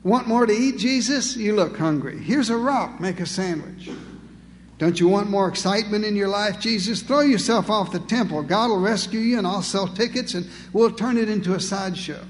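A man's voice: high-pitched, moderate pace, in a large hall, slight background noise, lightly acted. A man voicing a sly, tempting male devil who mocks like a salesman. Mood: mocking, tempting.

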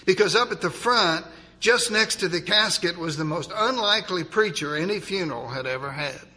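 A man narrating a dramatic story, swinging from loud, urgent passages to hushed ones. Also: high-pitched, animated, normal speed.

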